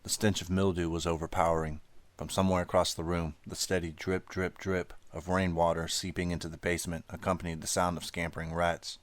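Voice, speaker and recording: Man, audiobook narrator, steady measured reading, very low voice, dry close sound. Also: no echo. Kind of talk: scripted narration.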